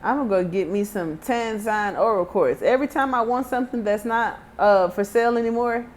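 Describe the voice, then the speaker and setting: A woman's voice: a little high, brisk. A woman in her thirties with a Texan accent, giving a casual tarot card reading with chatty, joking asides while she reads the card text aloud. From Texas. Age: 30s. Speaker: tarot reader.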